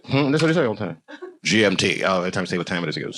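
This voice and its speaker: Fast, animated man doing stand-up. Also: low voice. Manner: profane, riffing with the crowd. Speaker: stand-up comedian. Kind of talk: live stand-up set. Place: live comedy venue. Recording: loud background noise.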